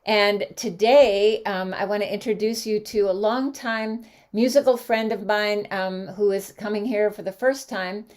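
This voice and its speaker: Unhurried and with few pauses, a woman with a medium-pitched voice hosts an online sing-along show. Animated and cheerful, she works through a list of viewer names, greeting each warmly in casual conversation.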